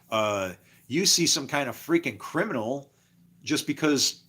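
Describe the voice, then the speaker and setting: A man's voice: medium pitch, expressive, slow pace, bright, forceful tone, breathy edge. A man talking casually on a live stream, rambling from story to story and chuckling often, with preachy asides. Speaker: livestreamer.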